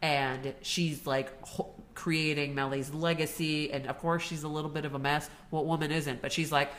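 A woman's voice: low voice, moderate pace, slight background noise. A woman co-hosting a podcast, talking casually and animatedly about self-care and TV shows. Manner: chatty, animated storytelling with laughs. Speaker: podcast co-host. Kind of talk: casual chat.

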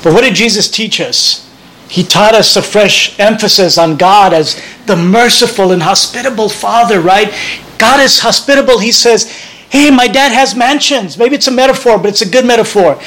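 A man's voice: high-pitched, normal speed, a bit bright, rough recording. A man preaching a sermon as pastor, earnest and conversational, often restarting his phrases.

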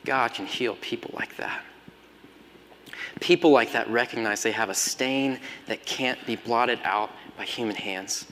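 A man preaching a sermon as pastor, moving between loud emphatic passages and hushed, almost whispered lines. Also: mid-range voice, a little slow, a little hiss or hum. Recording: long hall reverb.

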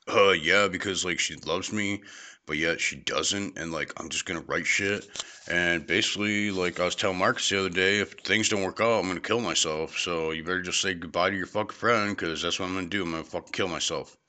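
A man's voice: sits low, fairly quick, sharp tone. A young man in casual comedy banter, rambling, whiny and profane.

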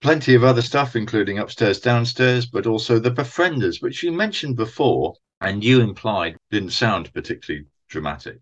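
A man's voice: medium pitch, expressive, normal speed, hardly any pauses, muffled recording. A man co-hosting a podcast, methodically reading out actors' credits and dates in a casual chat about old television. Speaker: podcast co-host.

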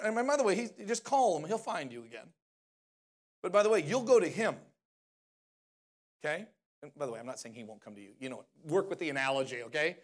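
A man preaching a conversational sermon in a lively way, often asking the audience questions. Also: sits high, a little fast, pauses often.

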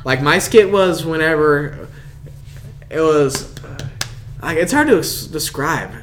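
A man's voice: fairly high pitch, expressive, slow pace, fairly bright tone, a little hiss or hum. A young man from the American South hosting a podcast, chatting casually and rambling with lots of fillers. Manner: rambling, filler-heavy storytelling. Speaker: podcast host. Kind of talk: casual chat.

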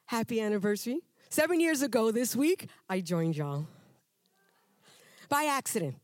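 Giving her testimony to a church congregation, a woman talks at a moderate pace in a fairly high voice. She acts out dialogues with humor in a lively, conversational way, restarting sentences as she goes. Her voice sounds dry and close, with no echo.

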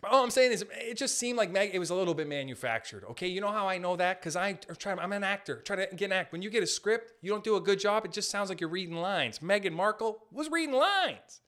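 A man's voice: high-pitched, quick pace, hardly any pauses. A man in his late twenties hosting a solo podcast, ranting comically with jokes and laughing at himself. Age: late 20s. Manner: animated, jokey, laughs at own jokes. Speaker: podcast host. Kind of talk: comedic solo podcast rant.

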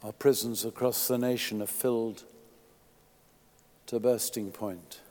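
A man preaching a sermon in a church, emphatic, swinging from quiet asides to loud declarations. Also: medium pitch, steady tone, measured pace, big-room sound.

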